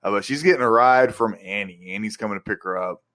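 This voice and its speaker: A man's voice: on the low side, fast, a bit bright. A young man co-hosting a podcast, casually retelling movie scenes with plenty of swearing and laughter. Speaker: podcast co-host. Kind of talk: casual movie review chat.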